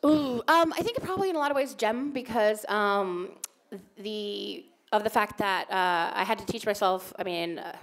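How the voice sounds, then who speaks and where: A woman's voice: medium pitch, normal speed, a bit bright. A woman in her thirties answering fan questions on stage, chatty, with lots of fillers and laughter. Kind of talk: casual Q&A on stage.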